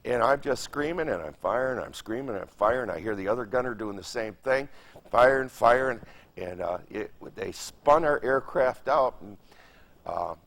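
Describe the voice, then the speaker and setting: An older man from Michigan tells a story about his past in a lively, emphatic way. His voice rises and falls a great deal, and he leans on repetition and imitated sounds to make each moment vivid. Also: medium pitch, moderate pace. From Michigan, United States. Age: 70s. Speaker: veteran interviewee. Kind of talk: oral history recollection.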